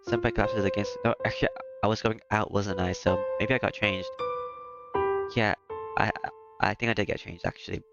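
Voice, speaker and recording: A man's voice: lowish voice, fairly even intonation, fairly quick, vocal fry. A man reading through a visual novel, commenting casually and hesitantly with many fillers. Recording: lo-fi with loud music behind.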